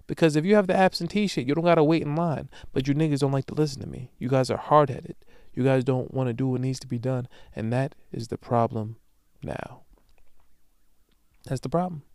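A man's voice: mid-range voice, brisk, vocal fry, a little mellow, clean tone, dry recording, studio quality. A young man hosting a solo podcast, talking casually and profanely in slang, rambling through stories and often asking "you know what I'm saying". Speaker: podcast host.

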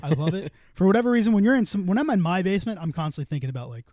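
A man's voice: high-pitched, expressive, very fast, darkish tone, dry recording, studio quality. A young man co-hosting a podcast, telling rambling, profane stories in casual chat and laughing often. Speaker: podcast co-host.

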